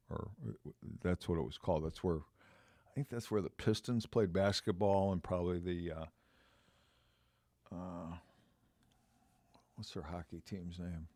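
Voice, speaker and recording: Older male podcast host around seventy, unhurried and rambling, repeats himself while spinning a personal yarn. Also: deep voice, warm tone, no room sound, clean studio sound. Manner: rambling, repeats phrases and circles back mid-story. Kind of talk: casual storytelling monologue.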